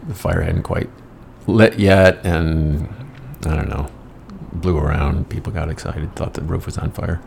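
A man's voice: extremely low pitch, a little slow, vocal fry, darkish tone, a little hiss or hum. A middle-aged man telling casual, rambling anecdotes in a wry, profane manner. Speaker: storyteller.

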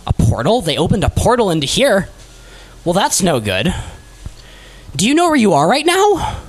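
A man's voice: high-pitched, wildly swooping pitch, normal speed, heavily acted. A man voicing a flustered male guard who fusses and urges people to safety. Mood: urgent. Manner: urgent, fussing. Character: flustered fairy-land guard, male adult.

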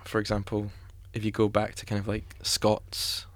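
A man's voice: fairly low pitch, completely flat delivery, moderate pace, dry recording. A man chatting casually as a guest, laid-back and hesitant, with lots of fillers. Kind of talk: casual chat.

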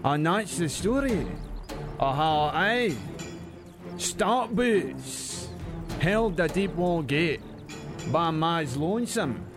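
Guy doing a brash old warrior spinning a huge tall tale, pitched way up, loud and swaggering. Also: lively intonation, slow, pauses often, over music. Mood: boastful. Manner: swaggering, dramatic storytelling in a broad put-on brogue.

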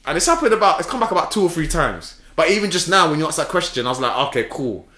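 A man's voice: fairly high pitch, rapid-fire. Slangy man telling a story. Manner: slangy, animated storytelling with quoted dialogue. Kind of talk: casual chat storytelling. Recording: echoey room.

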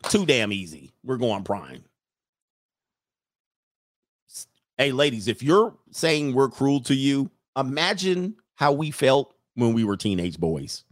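Guy roasting pics in aave, slangy and mocking, mid pitch, dry close mic. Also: big pitch swings, slow pace, pauses often, no echo. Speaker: commentator reacting to photos. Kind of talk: casual on-screen commentary.

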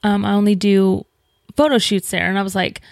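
A woman's voice: mid-range voice, fairly even intonation, a little fast, gravelly, a little mellow, no echo, clean studio sound. A woman, chatting casually as co-host and acting out quoted dialogue while telling a story. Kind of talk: casual chat.

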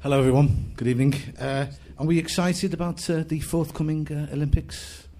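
A man doing dry, hesitant stand-up on a club stage, full of uhs and deadpan asides. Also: fairly high pitch, fairly quick, background noise. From Liverpool, England. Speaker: comedian and musician. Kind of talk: live stand-up comedy.

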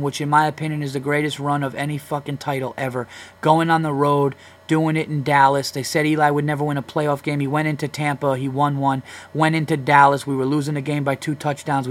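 A man, hosting a casual solo podcast, ranting bluntly and swearing freely about sports fans. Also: a little high. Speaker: podcast host.

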